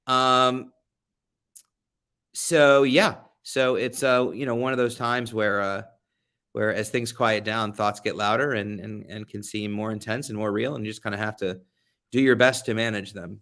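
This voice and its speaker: A young American livestream host and advocate, staying at a beach rental on a getaway, jokes about himself and greets viewers by name in a chatty, casual stream. His voice is mid-range and a bit bright.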